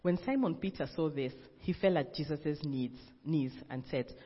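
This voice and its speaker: A man's voice: fairly high pitch, moderate pace, husky. A man reading scripture aloud in a plain manner, often stumbling and restarting a phrase. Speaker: scripture reader. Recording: dull, reverberant recording.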